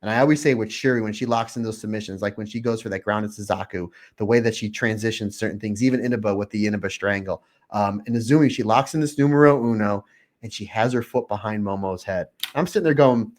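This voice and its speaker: A man co-hosting a podcast in casual chat, talking excitedly and acting out his own reactions with open emotion. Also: lowish voice, fast. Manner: openly emotional. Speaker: podcast co-host.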